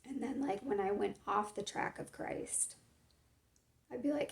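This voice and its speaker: A woman's voice: medium pitch, unhurried, vocal fry. A young woman sharing her personal faith testimony in a casual, rambling way, full of fillers. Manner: rambling, filler-heavy, lots of "like".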